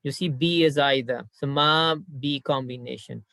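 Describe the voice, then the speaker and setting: A man teaching an Arabic grammar lesson patiently, repeating his points and reciting verses quickly. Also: mid-range voice, fairly even intonation, creaky, pushed and bright, no echo.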